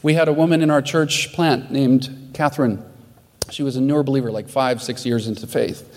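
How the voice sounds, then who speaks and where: A man's voice: mid-range voice, fairly even intonation, brisk, big-room sound. A man preaching a sermon as pastor, telling stories earnestly.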